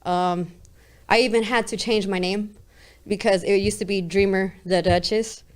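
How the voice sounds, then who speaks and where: A woman's voice: medium pitch, fairly even intonation, normal speed. A woman with a New York accent, a rapper talking casually in an interview, streetwise and blunt, swearing freely and asking "you get me?". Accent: New York-style. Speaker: guest rapper.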